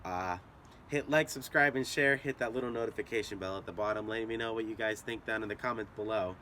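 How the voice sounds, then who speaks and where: A man's voice: on the low side, steady tone, brisk, sharp tone, slight background noise. A young man telling a story to his channel in a casual, profane, rambling way.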